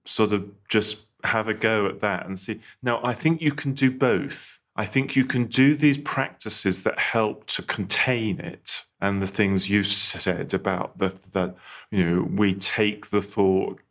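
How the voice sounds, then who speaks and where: A man offering earnest, gently pastoral advice in a reflective spiritual conversation. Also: a little slow. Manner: earnest, gently pastoral, rises in pitch when stressing a point.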